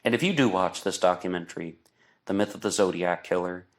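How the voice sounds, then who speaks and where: A man with a low, deep voice hosts an online radio show in casual, rambling commentary. He talks at length and slips into exasperated asides. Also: fairly quick. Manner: talkative, exasperated asides, mocks with put-on voices. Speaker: podcast host. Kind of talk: casual true-crime commentary.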